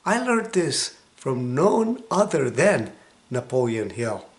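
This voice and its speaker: A hoarse man in his sixties, his voice rough from a cold, delivers a motivational talk at an unhurried pace. His pitch swings widely as he preaches, and he sometimes drops to a near whisper for stress. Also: big pitch swings. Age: 60s. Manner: emphatic preaching, dropping to a hushed whisper for stress. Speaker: motivational vlogger. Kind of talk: motivational self-help talk.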